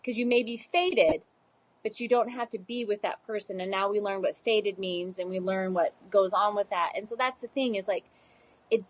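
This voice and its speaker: A woman's voice: mid-range voice, moderate pace, rough recording. A young woman talking animatedly about a book, giggling and acting out quoted characters. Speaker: book vlogger. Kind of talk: casual book discussion.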